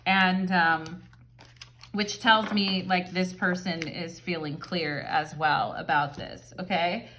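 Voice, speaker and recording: A woman's voice: on the low side, fairly even intonation, slow pace, a bit bright, slight background noise. A woman giving a casual pick-a-card tarot reading at home, chatting and rambling with lots of fillers. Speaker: tarot reader.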